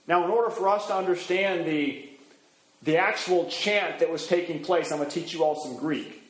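A man's voice: on the high side, moderate pace. A man preaching a verse-by-verse sermon in a conversational way, acting out quotes. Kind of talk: expository sermon. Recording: echoey room.

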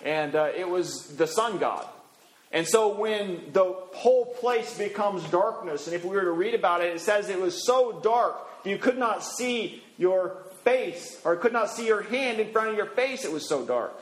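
A man's voice: sits high, expressive, normal speed, reverberant, rough recording. A middle-aged male preacher giving a sermon in a folksy, anecdotal way, with many fillers and asides.

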